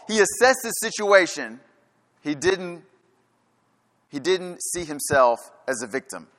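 Forceful preacher in a reverberant hall. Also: male voice, high voice. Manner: preaching with rhetorical questions and emphatic repetition. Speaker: pastor. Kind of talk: sermon. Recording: long reverb of a large hall.

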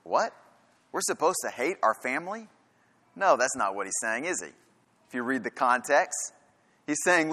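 A man's voice: medium pitch, sing-song, normal speed, pauses often, bright, forceful tone. A man preaching a sermon in a church, firing rhetorical questions and hammering his points home through repetition. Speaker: pastor. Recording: long reverb of a large hall.

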